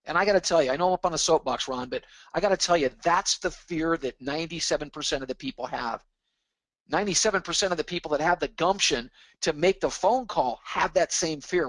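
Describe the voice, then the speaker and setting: A man's voice: a little high, expressive, fairly quick, a bit bright, dry recording, poor audio. A man presenting a sales training webinar, pumped up and pushy, hammering his points home by repeating them.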